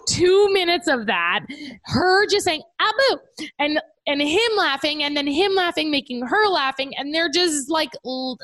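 A woman's voice: sits high, sharp tone, no room sound. A woman in her thirties co-hosting a casual podcast, telling stories animatedly and acting out her child's voice. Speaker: podcast co-host. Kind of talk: casual chat.

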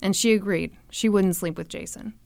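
A young woman hosting a podcast, telling a true crime story in an animated, chatty way full of "like" and "you know". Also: mid-range voice, moderate pace, gravelly, no echo. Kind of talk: casual storytelling chat.

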